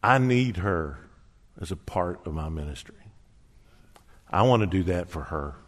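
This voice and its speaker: A man in his sixties, a pastor preaching a sermon, telling stories with animated, folksy humor. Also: low-pitched, measured pace. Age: 60s. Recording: long reverb of a large hall.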